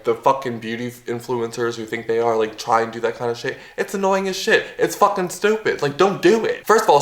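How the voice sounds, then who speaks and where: A man's voice: mid-range voice, a bit bright, roomy sound. A man and YouTuber, worked up and swearing, ranting in a commentary vlog. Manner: profane, heated ranting.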